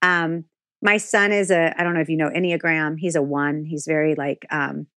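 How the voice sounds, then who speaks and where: A woman's voice: low voice, moderate pace, dry recording, clean studio sound. Frank, swearing woman guest. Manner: frank and animated, swears freely. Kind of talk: candid podcast interview.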